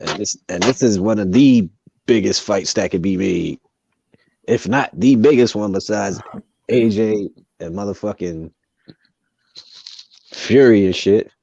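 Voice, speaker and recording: A man's voice: fairly low pitch, a little slow, gravelly, pauses often, dark tone, no echo. A man co-hosting a casual boxing talk, blunt and profane, chuckling between remarks. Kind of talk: casual chat. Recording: dry, dull lo-fi sound.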